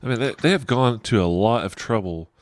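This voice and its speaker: A man's voice: on the low side, lively intonation, brisk. A middle-aged man narrating a tabletop game as game master, describing scenes in a rambling, digressive way and chuckling often.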